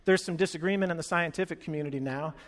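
A high-voiced man delivers a sermon as a pastor, storytelling with big swings from loud excitement to hushed earnestness. He acts out the lines of the people in his stories. His voice rings with a long reverb, as in a large hall. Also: very fast.

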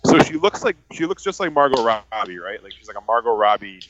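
Man ranting in excited casual chat. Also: on the low side, fairly quick, highs cut off, noisy background. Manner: excited, ranting, animated retelling.

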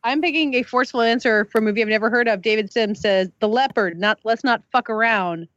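A woman hosting a casual film podcast panel, breezy and quick to laugh. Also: fairly high pitch, fairly bright tone, no echo, dull audio. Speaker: podcast host.

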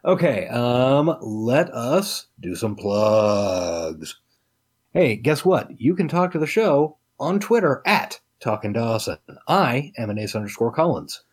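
A man's voice: mid-range voice, very animated, slow pace, husky. Podcast guy chatting loose, rambly, lots of ums, voice bounces up and down. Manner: rambling, hesitant with fillers. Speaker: podcast co-host. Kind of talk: casual chat.

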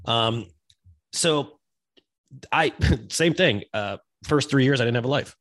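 A man's voice: medium pitch, slow pace, a bit bright. Guy hosting a chill podcast, chatty, laughs a lot, says dude and like. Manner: chatty, laughs easily, uses slang. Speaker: host. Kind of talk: casual podcast interview.

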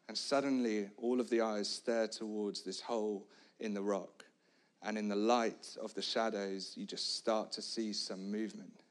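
A man preaching a sermon, retelling a story dramatically, moving between hushed, quiet lines and loud shouts. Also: lowish voice, fairly even intonation, normal speed.

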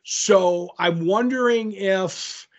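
A man's voice: high-pitched, drawn-out words, muffled recording. A man co-hosting a podcast in casual chat, rambling with lots of fillers and joking at his own expense. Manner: rambling, filler-heavy, self-mocking. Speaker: podcast co-host. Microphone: remote call recording.

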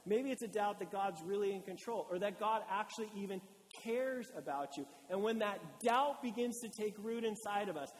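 A male pastor gives a casual, lively sermon and slips into short acted-out quotes. His voice sits high for a man. The sound carries a long reverb, as in a large church hall. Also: normal speed, slight background noise. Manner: conversational and animated, acting out quotes.

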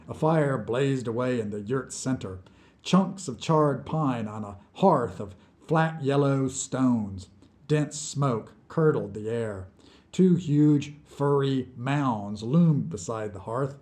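A man reading his own short story aloud as scripted narration, with slow, deliberate storytelling. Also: medium pitch, darkish tone.

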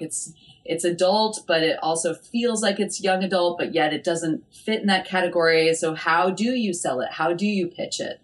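A chatty woman speaking as a literary agent in a casual interview. Her voice sits a bit low, and her delivery is animated and full of fillers.

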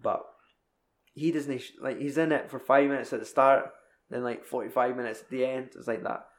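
A young man tells a film's story in a loose, sweary ramble. His voice sits at an ordinary middle pitch and rings around an echoey room. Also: fairly even intonation, normal speed. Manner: rambling, sweary film recap. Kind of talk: casual chat.

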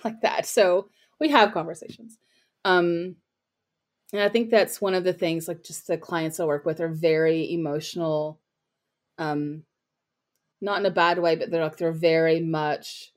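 Chatty woman with a lowish voice. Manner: chatty, heavy use of "like" and "you know" fillers. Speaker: podcast guest, copywriter and launch strategist. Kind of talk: casual interview talk.

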